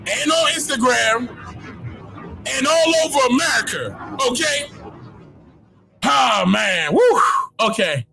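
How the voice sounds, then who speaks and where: A man hosting a reaction video, excitedly commenting, exclaiming and shouting, often repeating himself. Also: very high voice, slow, creaky, pauses often, a loud crowd, heavy background noise.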